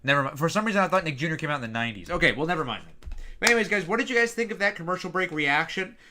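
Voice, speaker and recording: A man's voice: on the high side, very fast, background noise. A young man streaming casually, rambling and reacting with lots of "like" fillers. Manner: rambling, heavy use of "like", excitable reactions.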